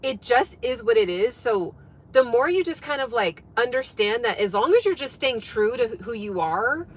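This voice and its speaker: A young woman telling a story to her viewers in a chatty, animated way, full of fillers. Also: fairly high pitch, normal speed, a little hiss or hum, poor audio. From United States. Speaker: fitness and life coach.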